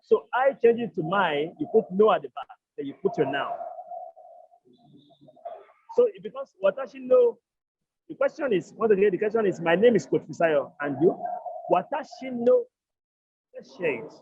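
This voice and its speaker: A man teaching an online language class, explaining step by step and repeating each phrase slowly. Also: high-pitched, very animated, husky, no room sound, phone-quality sound.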